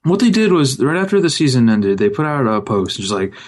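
A man co-hosting a casual gaming podcast, talking in a wry, rambling way with quick asides. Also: mid-range voice, sing-song. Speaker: podcast co-host.

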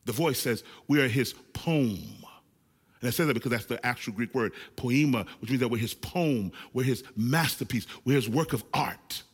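A man in his forties preaching a lively sermon, calling on the congregation to shout responses. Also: mid-range voice, a little fast, few pauses, slightly rough, big-room sound. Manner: animated, calls for congregation responses. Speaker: pastor.

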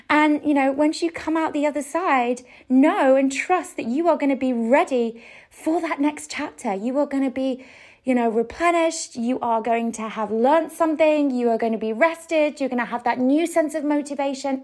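A woman in her thirties hosting a solo coaching podcast, talking gently and reflectively, with soft laughs and frequent "you know". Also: a little high. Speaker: podcast host and business coach.

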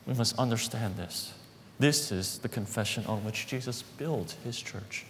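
A man preaching a sermon as pastor, emphatic, repeating phrases and slowing down on key words. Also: mid-range voice, a bit bright. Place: church hall. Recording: reverberant hall with faint background noise.

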